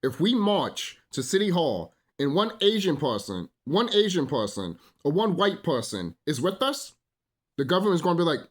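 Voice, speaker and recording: A man's voice: a little high, sing-song, normal speed. A man hosting his own channel, talking in a rambling, emphatic monologue full of swearing and repeated "you know?" asides. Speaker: channel host. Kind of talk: casual unscripted monologue.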